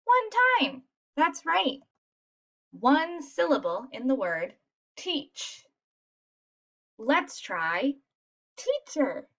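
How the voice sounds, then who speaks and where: A woman with a fairly high, very animated voice leads a lesson for young children. She talks in an encouraging classroom manner. The recording sounds muffled and lo-fi. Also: slow pace. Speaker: teacher. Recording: dull lo-fi recording.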